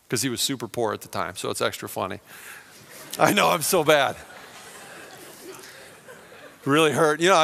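A man's voice: on the high side, sharp tone. A man preaching a conversational, self-deprecating sermon and telling a story with acted-out quotes. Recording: long hall reverb.

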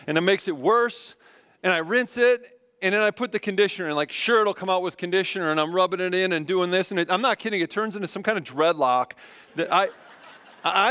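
A high-pitched male pastor in his thirties delivers a sermon with a smooth, resonant voice. He tells a self-deprecating story and animatedly acts out the lines of the people in it. The sound carries a long reverb from the church hall. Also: fairly bright tone. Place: church sanctuary.

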